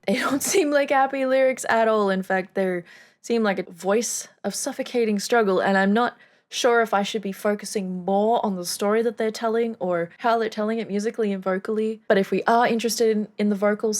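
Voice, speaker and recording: A woman vocal coach talks through her reaction to a track, chatty and thinking out loud. She breaks into small laughs as she goes, and her voice sits at an ordinary middle pitch. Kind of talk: reaction commentary.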